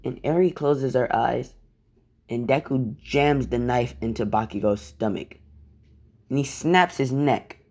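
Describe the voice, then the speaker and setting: A man's voice: mid-range voice, unhurried, darkish tone. Guy rambling thru a fan story, swearing a lot, super casual. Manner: rambling, profane, chuckling.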